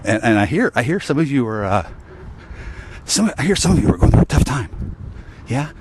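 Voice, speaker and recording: A man's voice: mid-range voice, very animated, normal speed, heavy background noise. A man ranting in an angry, profane monologue to camera, rambling with stammered restarts and sighs, recorded outdoors on a city street. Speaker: vlogger.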